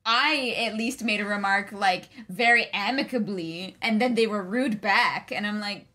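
A woman's voice: medium pitch, unhurried, pushed and bright. A woman co-hosting a casual book-club podcast, chatty and giggly, full of "like". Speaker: podcast co-host.

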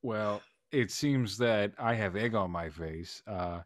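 A man with a fairly low voice co-hosts a podcast, joking in a deadpan, mock-serious way and stretching his lines out slowly. The sound is close and dry, with no room around it. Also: no room sound. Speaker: podcast co-host. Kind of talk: casual podcast banter.

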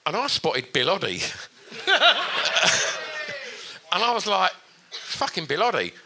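Man, live podcast co-host, sweary storyteller, high voice, very lively pitch. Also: takes it slowly, a little hiss or hum. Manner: animated, sweary, laughing storyteller. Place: live venue with an audience.

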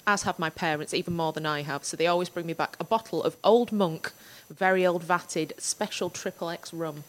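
A woman's voice: lowish voice, moderate pace, low-quality recording. A woman in a casual chat, making dry, wry remarks. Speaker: podcast guest.

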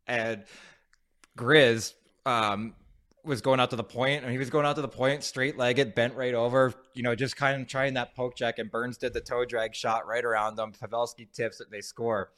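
A man and former pro hockey player telling an animated story in a casual podcast chat, laughing often and swearing freely. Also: mid-range voice, moderate pace.

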